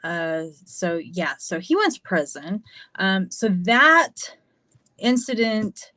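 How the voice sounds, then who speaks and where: A woman's voice: mid-range voice, big pitch swings, slow, bright, forceful tone, no room sound. Candid American woman telling a story. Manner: candid, swearing, lots of fillers. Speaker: podcast guest. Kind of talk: casual storytelling.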